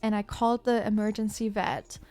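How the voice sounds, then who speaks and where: A woman's voice: medium pitch, level tone, a little fast, dark tone, faint music behind. A woman livestreamer chatting casually, telling a rambling story with lots of fillers and restarts.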